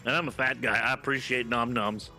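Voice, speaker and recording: A man from Canada streaming games, chatting casually and telling stories in an animated, profane way. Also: medium pitch, a little fast, soft background music. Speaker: game streamer. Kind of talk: casual live-stream chat.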